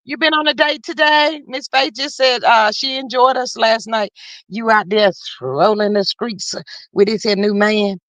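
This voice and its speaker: A woman's voice: a little high, fairly even intonation, a little slow, fairly bright tone, no room sound. A woman hosting a casual live stream, talking straight to her viewers and reading out the chat in a folksy, chatty way.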